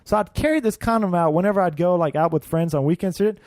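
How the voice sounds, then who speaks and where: A man from India, a podcast co-host, telling stories in a casual, profane and animated way. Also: sits high, fast talker, dry recording, clean studio sound. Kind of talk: casual chat.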